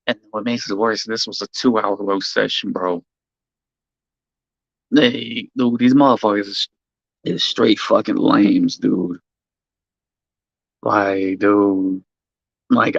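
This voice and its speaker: A man's voice: lowish voice, creaky, no room sound, highs cut off. A man ranting casually to his live chat, swearing constantly and restarting his sentences as he goes. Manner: profane, rambling, animated rant with frequent restarts. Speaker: streamer.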